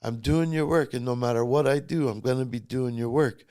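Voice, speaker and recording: A man's voice: medium pitch, brisk, mellow. A middle-aged man, a podcast guest, telling his personal story in a blunt, profane and emotionally charged way.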